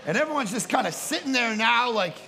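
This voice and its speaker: A man preaching a storytelling sermon at a family camp, animated and prone to repeating words and restarting sentences. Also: extremely high pitch, brisk, gravelly. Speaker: camp speaker.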